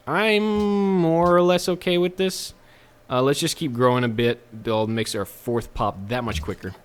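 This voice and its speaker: In a let's play, a man provides casual commentary on his gameplay with an ordinary, middle-pitched voice. He keeps things chatty, tossing in jokes and self-mocking remarks.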